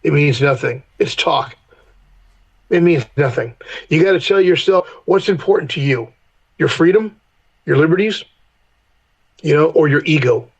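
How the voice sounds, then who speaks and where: A middle-aged man, appearing as a podcast guest, tells candid stories in a blunt, profane way and acts out heated confrontations. His voice is on the high side, animated and husky, at a moderate pace with frequent pauses, and the highs are cut off.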